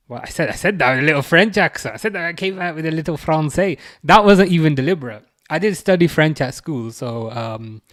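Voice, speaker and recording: A man's voice: fairly high pitch, moderate pace, no echo, studio quality. A young man hosting a football watch-along livestream, rambling and mocking as he reads out viewer comments. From England. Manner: rambling, chatty and mocking, with many fillers and restarts. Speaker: livestream host. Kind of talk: casual live-stream chat, reading viewer comments.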